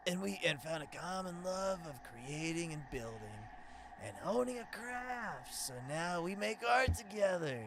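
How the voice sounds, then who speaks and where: A man voicing a gentle old male bug nailmaster who speaks in a calm, measured, reflective way. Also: high voice, gravelly, noisy background, full character voice.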